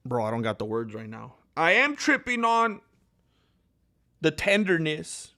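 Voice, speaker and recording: A man hosting a livestream, chatting casually and excitedly in slangy, animated storytelling. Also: fairly high pitch, measured pace. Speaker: livestream host.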